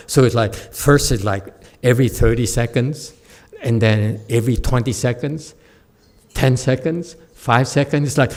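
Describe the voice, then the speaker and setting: A man, a Buddhist master, giving a Dharma lecture as an animated, joking storyteller who acts out the people in his story. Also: medium pitch, normal speed. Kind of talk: sermon.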